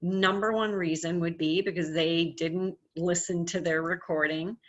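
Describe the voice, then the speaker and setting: A middle-aged woman hypnotherapist gives a casual but earnest business lesson to camera, stressing points with confident emphasis. Her voice is on the low side with fairly even intonation and a measured pace, captured in dull lo-fi audio.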